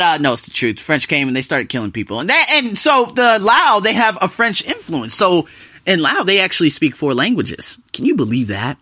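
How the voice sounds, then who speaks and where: Animated, bright-voiced young man vlogging. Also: no room sound, studio quality. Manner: animated, chatty, swings between loud bursts and low asides. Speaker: vlogger living abroad. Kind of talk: casual talk to camera.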